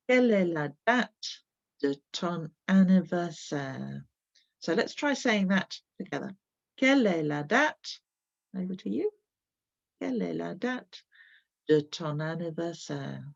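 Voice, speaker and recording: Female teacher, lowish creaky voice, lively and encouraging, dull lo-fi recording. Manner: patient, encouraging, models phrases slowly. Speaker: primary school teacher. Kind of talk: recorded remote lesson.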